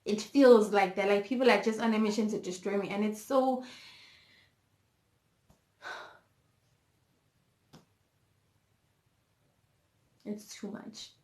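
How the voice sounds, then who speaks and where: A woman's voice: mid-range voice, fairly quick, few pauses, darkish tone. A young woman with a South African accent from Zulu country, telling a candid, emotional storytime in her vlog and mixing English with Zulu. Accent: South African, Zulu-inflected. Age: young adult. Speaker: vlogger. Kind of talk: personal storytime. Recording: roomy echo.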